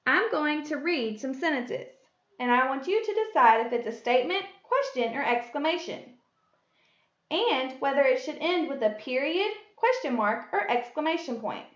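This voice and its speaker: A woman gives a slow, clear grammar lesson to young children, her high voice rising and falling as she reads each example sentence. The recording sounds dull and lo-fi, with an echo from the room around her. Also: sing-song. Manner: deliberate, sing-song reading of example sentences. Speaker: first grade teacher. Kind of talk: slow, clear classroom instruction.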